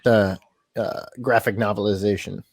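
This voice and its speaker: A man from the Southern United States chatting during a movie watch-along, telling animated stories. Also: lowish voice, normal speed. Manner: storytelling, animated retelling of conversations.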